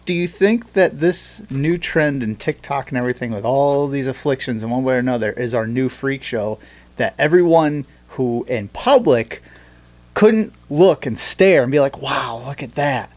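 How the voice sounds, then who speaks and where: A man's voice: medium pitch, expressive, moderate pace. Podcast host, male, mid-range voice, meandering filler-heavy delivery. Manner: rambling, filler-heavy storytelling. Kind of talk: casual chat.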